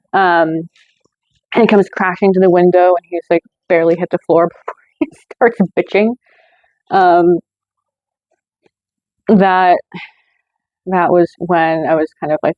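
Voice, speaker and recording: Woman, low voice, chatty movie reviewer, frequent fillers, dry room, slightly dull recording. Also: no echo. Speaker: movie review channel host. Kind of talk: casual scripted review.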